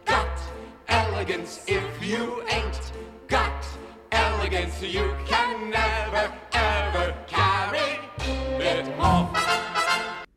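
A woman's voice: mid-range voice, expressive, very slow, over loud music. A woman singing as a young woman pretending to be elegant, in a comic Broadway number. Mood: jaunty. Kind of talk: Broadway cast recording singing. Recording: cast album with loud orchestra and reverb.

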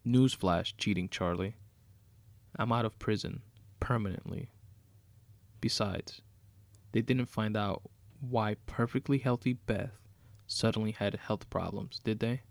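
A man's voice: on the low side, a little slow, creaky, pauses often, no echo. A man voicing a cold, mocking vengeful woman. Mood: taunting. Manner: sarcastic, taunting.

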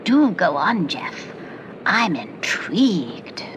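A woman's voice: lowish voice, big pitch swings, slow, exaggerated voice. An actress playing a glamorous aristocratic lady secret agent, speaking in a posh, languid, gushing manner. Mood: intrigued. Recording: old TV soundtrack with loud hiss.

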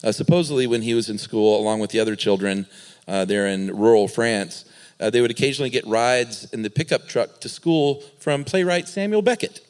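A man's voice: mid-range voice, fairly quick, clear, resonant tone. A man co-hosting a live podcast, giving dry, teasing asides and telling part of a story. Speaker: podcast co-host. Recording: live show before an audience.

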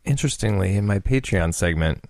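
A man co-hosting a podcast, explaining in a matter-of-fact, halting way. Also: low-pitched, expressive, a little mellow, dry recording. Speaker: podcast co-host. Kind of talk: casual explanatory chat.

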